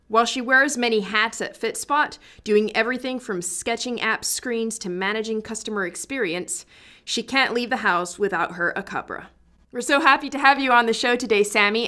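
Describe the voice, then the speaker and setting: Woman host, friendly, bright delivery, higher voice, faint music underneath. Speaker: podcast host. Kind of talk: scripted podcast intro and interview.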